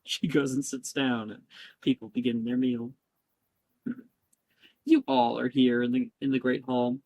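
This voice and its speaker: A man narrating a tabletop role-playing game as game master, lively and unhurried. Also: mid-range voice, dry recording, low-quality recording.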